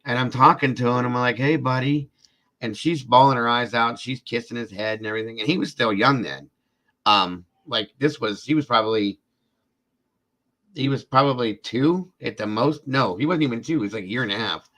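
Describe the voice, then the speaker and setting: A man's voice: medium pitch, fairly quick, sharp tone. Rambling man telling a story to viewers. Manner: rambling, repeats himself with fillers like "this and that"; speaks directly to viewers in chat. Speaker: host of a live true-crime show. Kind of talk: casual storytelling on a livestream.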